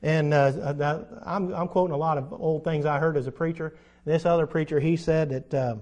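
A male preacher delivering a sermon, reading scripture and speaking emphatically, with his voice swelling and dropping in loudness. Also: fairly high pitch, fairly even intonation, moderate pace.

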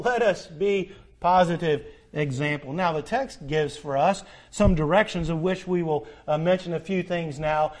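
A man's voice: fairly high pitch, a little mellow. A middle-aged man preaching a sermon as pastor, building to emphatic peaks and asking the congregation repeated questions.

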